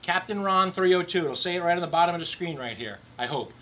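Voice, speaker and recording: A man's voice: high-pitched, expressive, quick pace, a bit bright. A middle-aged man hosting a grill cooking video outdoors, chatting upbeat and joking to camera. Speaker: grill cooking show host. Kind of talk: casual cooking demo to camera.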